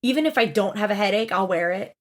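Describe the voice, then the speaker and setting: Animated woman podcast co-host. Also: fast talker. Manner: animated, expressive, swears freely, acts out quotes with big pitch jumps. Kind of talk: casual chat recapping a TV show.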